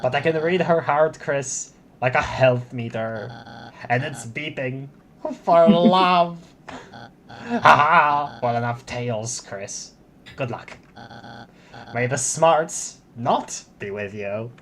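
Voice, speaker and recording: A pompous, nerdy bird boy from a video game, read aloud by a man with grandiose, theatrical flair. The delivery is slow and drawn out, and a faint hum of noise sits behind it. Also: medium pitch, a bit bright.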